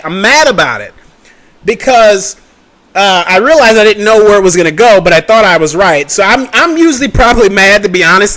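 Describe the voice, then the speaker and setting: High-voiced man teaching casually. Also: bright, forceful tone. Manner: chatty, checks in with "okay?" and "right?" often, mutters at his computer. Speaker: trading educator. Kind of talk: casual screen-share lesson.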